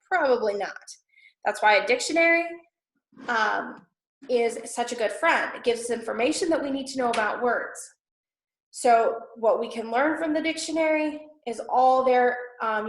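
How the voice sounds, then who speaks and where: Woman teacher, slightly high voice, patient step-by-step explaining, checks in often, roomy echo. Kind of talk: classroom instruction recorded for students. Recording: echoey room.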